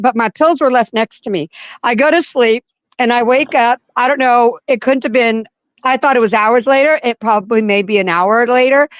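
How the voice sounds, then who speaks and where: A woman telling a personal story in casual chat, animated and laughing as she acts out her own panic. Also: fairly high pitch, no room sound.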